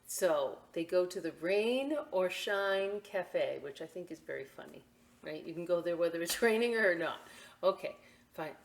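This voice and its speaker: A middle-aged woman reading a picture book aloud for a library storytime, animated and chatty with frequent asides to her young listeners. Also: fairly low pitch, normal speed, vocal fry.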